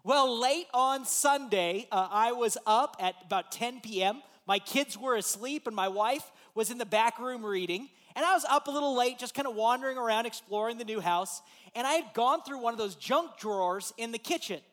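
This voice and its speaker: A man, a pastor, telling a lively personal story in a sermon and acting out the voices in it. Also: extremely high pitch, normal speed. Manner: animated, acts out voices in his story.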